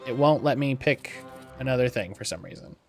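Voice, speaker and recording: Excitable man streaming a game. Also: medium pitch, creaky, soft background music. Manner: excitable, swears casually, reads item text in a measured voice. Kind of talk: casual let's-play commentary, reading game text aloud.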